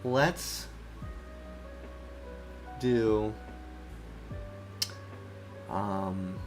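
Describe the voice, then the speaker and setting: A man who is an indie game developer, rambling casually on a live stream. He uses lots of fillers, breaks off mid-sentence and keeps talking to himself, and his voice sounds worn and low. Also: extremely slow, faint music behind. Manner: rambling, full of fillers and self-interruptions; easily sidetracked, talks to himself. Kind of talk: casual live-stream chat while working.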